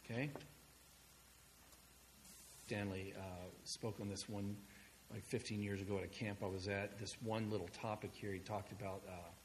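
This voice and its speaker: A male pastor preaching a sermon in a conversational storytelling manner, moving between hushed asides and loud, excited passages. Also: on the low side, moderate pace, pauses often, long reverb tail, a little hiss or hum.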